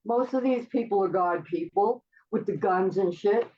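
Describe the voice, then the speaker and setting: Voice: medium pitch, normal speed. A participant on a video call speaking bluntly, swearing while agreeing. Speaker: podcast participant. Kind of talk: casual profane chat on a video call. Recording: distant lo-fi call with faint noise.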